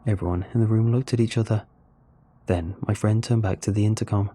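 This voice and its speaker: A man narrating a horror story in a measured, even storytelling voice. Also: on the low side, slightly rough.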